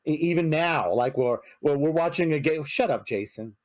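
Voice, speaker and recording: A middle-aged man on a sports podcast, venting in a heated, foul-mouthed rant. His voice sits a little high for a man, and he swears as he talks. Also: moderate pace. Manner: heated, profane ranting. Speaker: podcast co-host. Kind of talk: casual sports podcast chat.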